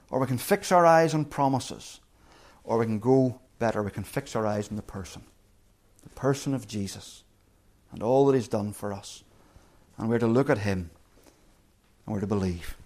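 A man preaching a sermon as pastor, earnest, dropping to hushed quotes and rising to emphatic peaks. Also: medium pitch.

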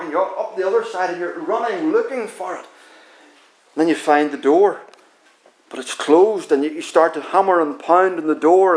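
A man preaching a sermon, telling a dramatic story in the second person that builds tension and slows down for emphasis. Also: fairly high pitch, reverberant.

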